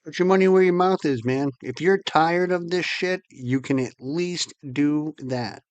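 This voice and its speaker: A man's voice: fairly high pitch, unhurried, no room sound, muffled recording. Angry ranting man. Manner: ranting, profane, exasperated. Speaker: conspiracy channel host. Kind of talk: angry monologue to camera.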